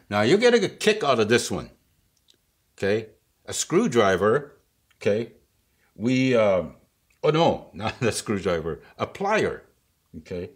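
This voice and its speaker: Husky guy teaching vocab real slow, chuckles a lot, keeps asking okay. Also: fairly low pitch, very animated. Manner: patient, chuckles often, checks in with "okay?". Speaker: language teacher. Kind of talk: casual vocabulary lesson.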